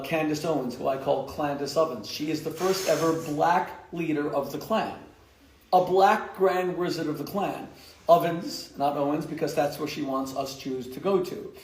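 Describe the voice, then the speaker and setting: Jokey rabbi in an echoey hall. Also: male voice, a little high, fairly even intonation, normal speed, a little mellow. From United States. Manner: emphatic and jokey, mocking nicknames, laughing at his own jokes. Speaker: rabbi giving a lecture. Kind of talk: live lecture to a community audience. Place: lecture hall.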